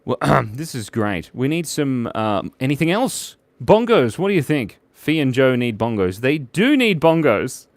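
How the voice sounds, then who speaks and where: A man's voice: mid-range voice, very animated, measured pace, few pauses, no echo. A man hosting a casual live drawing stream, joking and chatting with viewers as he draws. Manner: playful, jokey, chatty with viewers. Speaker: livestream drawing host.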